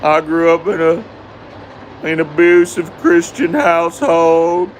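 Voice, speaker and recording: A man's voice: on the high side, slow, a little hiss or hum, voice pushed up, rough recording. A man voicing a nervous, earnest young male caller, stammering as he thanks the host.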